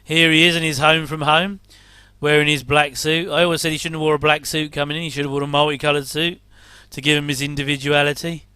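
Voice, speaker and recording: A man's voice: fairly high pitch, flat delivery, fast talker, hardly any pauses, sharp tone, smooth, no echo. A middle-aged English man rambling casually through a reaction commentary, with chatty, self-deprecating asides. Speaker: host.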